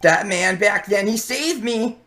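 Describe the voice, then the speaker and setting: Young male clown in full meltdown, shrill screaming pleas; man reading it. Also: measured pace, sharp tone. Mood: desperate. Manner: screaming, panicked pleading.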